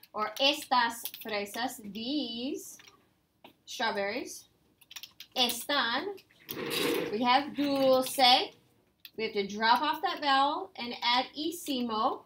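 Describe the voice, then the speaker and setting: A woman's voice: on the high side, animated, slow pace, pushed and bright, slight background noise. A woman teaching a Spanish lesson, explaining grammar step by step and mixing English with Spanish words. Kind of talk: online class lesson.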